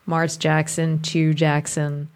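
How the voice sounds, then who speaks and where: A young woman radio DJ talking in a casual, rambling way, full of fillers. Her voice sits low, and she pushes it out with trained projection. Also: monotone, slow pace. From Boston area. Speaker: radio DJ guest. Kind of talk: casual conversation.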